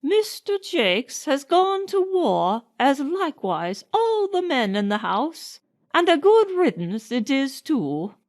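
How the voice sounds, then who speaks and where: A woman's voice: very animated, exaggerated voice. Woman voicing a fussy old nanny. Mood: fond scolding. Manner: high, slow, wailing and coaxing. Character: fussy old Irish nanny, doting and scolding. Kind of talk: audiobook character reading.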